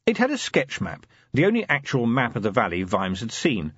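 A man narrating an audiobook in a dry, measured storytelling manner. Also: mid-range voice, huge pitch swings, fairly bright tone, husky, dry recording. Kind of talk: scripted narration. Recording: slightly dull, muffled audio.

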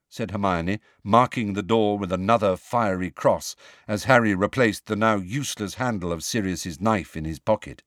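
A man reading a storybook aloud as an audiobook narrator, in an expressive, measured style on a close mic. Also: on the low side, no room sound.

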